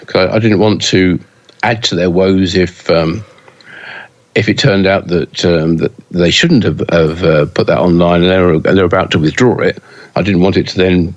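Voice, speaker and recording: A man's voice: sits low, moderate pace, muffled recording. A man co-hosting a pinball news podcast in casual chat, hesitant with many fillers and restarts.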